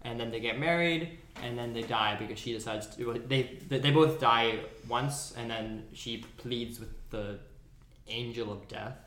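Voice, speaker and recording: A man chatting on a podcast, eager to explain fantasy lore at length with a nerdy energy. His voice is at an average pitch. The recording has a noticeable roomy echo. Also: measured pace, fairly bright tone. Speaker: podcast co-host. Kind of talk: casual chat.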